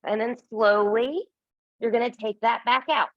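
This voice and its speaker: A woman's voice: fairly high pitch, steady tone, measured pace, muffled recording. A woman instructor guiding a Pilates class, counting reps and giving encouraging cues, a little out of breath. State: slightly out of breath.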